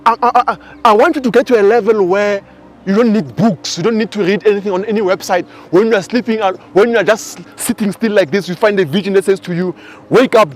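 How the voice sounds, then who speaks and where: A man in his twenties with a South African accent, giving a casual, animated spiritual teaching talk. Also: high-pitched. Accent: South African English. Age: 20s. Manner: animated storyteller.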